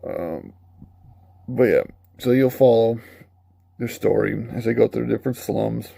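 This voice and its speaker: A man's voice: mid-range voice, a little slow, gravelly, warm tone, husky, no echo. A man giving a casual, rambling, candid spoken review of a video game. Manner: rambling, candid, laughs at his own retellings.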